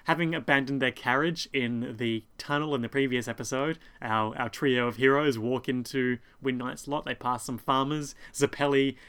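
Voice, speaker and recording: A man's voice: medium pitch, steady tone, moderate pace, hardly any pauses, fairly bright tone, clean tone. Give me a man casually recapping an anime on a podcast, rambling and self-deprecating. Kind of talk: casual chat.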